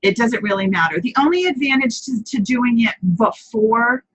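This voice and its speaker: A woman's voice: fairly high pitch, normal speed, husky, poor audio. A woman hosting a live papercrafting chat, talking casually, answering viewers by name and often correcting herself as she goes.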